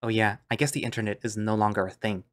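Low-voiced man narrating in first person. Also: fairly even intonation, quick pace. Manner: musing, understated.

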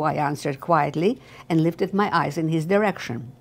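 An elderly woman reads her own memoir aloud at a careful, halting pace, often restarting words. Her voice sits low. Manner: slow, halting reading with restarts. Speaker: memoir author.

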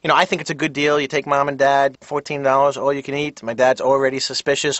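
A man's voice: mid-range voice, fast, no room sound. A man from New York City with a New York accent, telling ranting stand-up style stories as a therapy patient in a cartoon. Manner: animated, ranting, breaks into voices. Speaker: comedian patient. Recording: slightly dull lo-fi TV audio.

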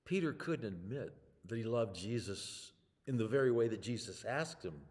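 An older man preaching a sermon in a slow, dramatic way, with long pauses and swings between loud and hushed. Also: lowish voice, expressive, big-room sound. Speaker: pastor. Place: church sanctuary.

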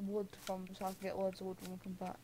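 A woman's voice: medium pitch, monotone, fast. Young girl gaming, keeps denying stuff, giggly, mid voice, faint hiss. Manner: defensive, giggly denials. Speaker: gaming partner. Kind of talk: casual gameplay chat.

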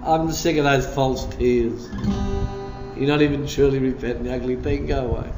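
A man's voice: medium pitch, steady tone, moderate pace, roomy sound, over music, pitched below the performer's own voice, lightly acted, rough recording. A male preacher voicing a stern, weary God who scornfully dismisses a false penitent.

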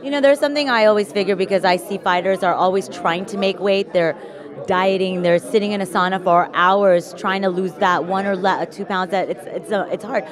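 A woman's voice: mid-range voice, steady tone, fairly quick. A woman sports reporter hosting an on-camera interview outdoors at a press event, chatty and effusive. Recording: outdoor event with clear crowd noise. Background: crowd chatter.

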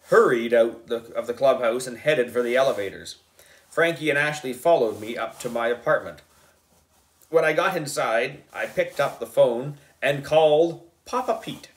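A man reading a children's novel aloud, giving the lines animated, lively delivery. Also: medium pitch. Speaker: reader.

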